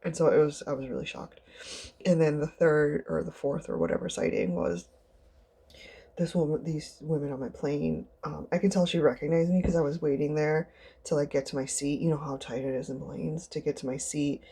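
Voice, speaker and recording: Young woman vlogger, low voice, husky, chatty and rambling, casual storytelling. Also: fairly quick, warm tone. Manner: chatty, rambling, acts out others in high squeals.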